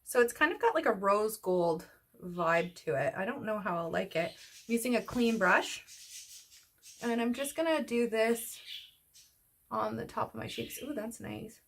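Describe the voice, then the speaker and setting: Unhurried and expressive, a beauty vlogger with a voice on the high side rambles her way through a casual get-ready-with-me chat. She talks while doing her makeup and sounds slightly out of breath.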